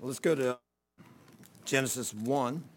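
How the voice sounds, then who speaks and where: An older male pastor delivers an informal sermon full of folksy stories, punctuated by loud exclamations and chuckles. His voice sits in the mid-range and he takes it slowly.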